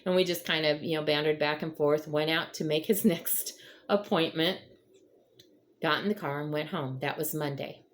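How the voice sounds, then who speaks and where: A woman's voice: low-pitched, steady tone, moderate pace, slight background noise. A middle-aged woman hosting her own channel, telling a personal faith story to her viewers in an earnest, emotional way. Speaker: vlog host.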